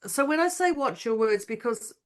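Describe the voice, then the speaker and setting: A woman co-hosting a motivational podcast, talking in a chatty, animated way and acting out the voices she quotes. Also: a little high, normal speed. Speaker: podcast co-host. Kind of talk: casual motivational chat.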